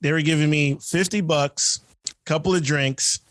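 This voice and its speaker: A man's voice: a little high, fairly even intonation, unhurried, fairly bright tone, no echo. A man co-hosting a podcast tells a rambling story full of fillers and quoted dialogue over a video call. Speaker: podcast co-host. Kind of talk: casual storytelling. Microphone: remote video call.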